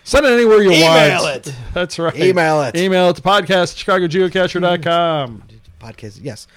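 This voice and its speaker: A man's voice: sits high, lively intonation, a little fast, fairly bright tone. A man co-hosting a podcast, joking and teasing in casual banter with a friend. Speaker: podcast co-host.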